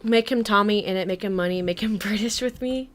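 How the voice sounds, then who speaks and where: A woman's voice: medium pitch, brisk. A woman in her twenties chatting casually on a live gaming stream, reading chat aloud and talking to her cat. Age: 20s.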